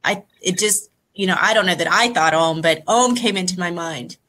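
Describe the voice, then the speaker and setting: A woman on a video call telling a personal story, emotional and near tears, speaking softly with halting pauses. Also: on the low side, poor audio. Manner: soft, halting, pausing often. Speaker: guest.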